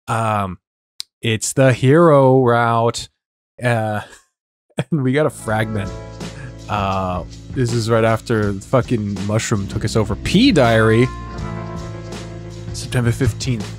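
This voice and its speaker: A laid-back man hosts a let's play, reading a visual novel aloud and rambling between passages. He talks slowly and drops swear words everywhere. Faint game music plays underneath. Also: fairly low pitch, dry recording.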